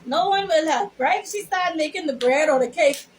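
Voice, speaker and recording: A woman's voice: high-pitched, lively intonation, moderate pace, noisy background. A Bahamian woman vlogger giving an emphatic, sermon-like storytelling monologue. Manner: emphatic, sermon-like, drawls words.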